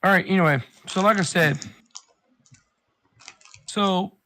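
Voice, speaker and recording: Man, slightly higher voice, casual chat, rambling and profane, advice-giving. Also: slow pace, sharp tone.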